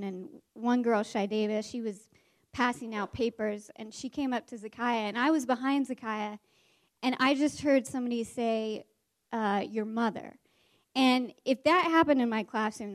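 Animated woman storyteller, slightly high voice. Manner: animated, acts out the characters' voices. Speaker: former teacher telling a story.

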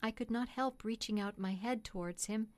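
A woman narrating a classic storybook in a steady, gentle, measured way. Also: fairly high pitch. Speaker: audiobook narrator.

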